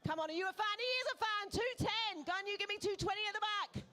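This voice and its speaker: A woman with a high, bright-pitched voice works a live charity auction in a pub. She calls each bid briskly and coaxes and teases the bidders with playful banter. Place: pub event room.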